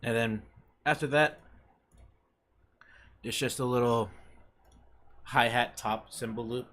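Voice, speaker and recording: A young man hosting a casual music production tutorial, swearing freely and counting beats out loud. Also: medium pitch, fairly even intonation, slow. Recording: music playing underneath. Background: music playing.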